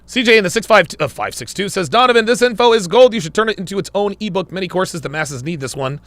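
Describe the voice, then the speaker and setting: Fast and expressive, this high-pitched man with a fairly bright tone reads chat comments on his live stream and answers them with crude jokes and banter. The audio has no echo.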